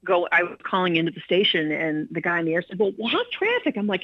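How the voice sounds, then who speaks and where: A middle-aged woman, a former radio personality, telling stories as a guest and acting out quotes with big jumps in pitch. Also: sing-song, fast talker, dry recording. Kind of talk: storytelling interview. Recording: dull, dry low-fi studio sound.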